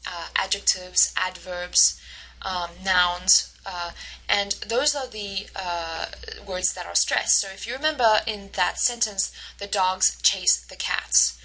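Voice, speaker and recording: Woman teacher doing a recorded slide lecture, bright clear voice, slows down on example words. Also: medium pitch, poor audio. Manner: explanatory, slows to model stressed words. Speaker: university instructor.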